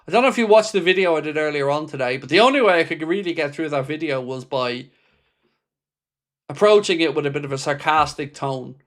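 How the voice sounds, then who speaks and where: A man with a somewhat high voice hosts a football fan livestream. He reads viewer comments aloud and answers them bluntly and with passion, swearing freely as he goes. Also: animated, fairly quick, fairly bright tone. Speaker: football fan channel host. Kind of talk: livestream reaction chat.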